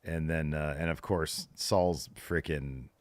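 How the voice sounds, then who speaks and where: A man's voice: a bass voice, steady tone, slow pace, dry recording. A man co-hosting a podcast who chats in a loose, rambling way, full of fillers. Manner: chatty, rambling, many fillers like "like" and "you know". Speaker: podcast co-host. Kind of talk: casual chat.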